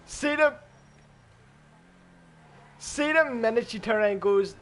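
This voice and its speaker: A man telling a story in a casual, profane, animated way while gaming with friends. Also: extremely high pitch, unhurried, pauses often.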